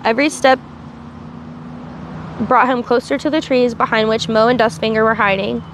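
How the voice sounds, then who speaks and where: A woman's voice: a little high, fairly even intonation, normal speed, slight background noise. A woman reading a novel aloud on a livestream, with small slips and restarts. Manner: reads with small slips and restarts, asides in between. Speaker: reader.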